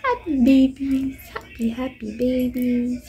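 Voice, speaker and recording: A woman coos at her pets in gentle baby talk, then chats casually about their setup. Her voice sits a little high but has a mellow, darker warmth, and she takes her time, speaking slowly and softly. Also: slight background noise. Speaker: pet-keeping vlogger. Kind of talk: casual vlog chat.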